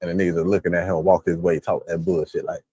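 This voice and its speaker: A man streaming casual reaction commentary, loud and animated, laughing and acting out lines in high mocking voices. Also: fast, breathy edge, no echo.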